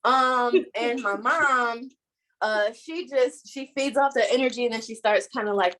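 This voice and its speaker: A young woman on a video call chat, telling a family story in a hesitant, chatty way with many pauses. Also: a little high, fairly bright tone, poor audio. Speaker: guest sharing a story.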